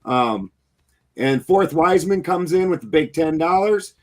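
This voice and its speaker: A man moderating a livestream debate in a relaxed, casual way, reading out viewer comments. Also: fairly high pitch, a little slow.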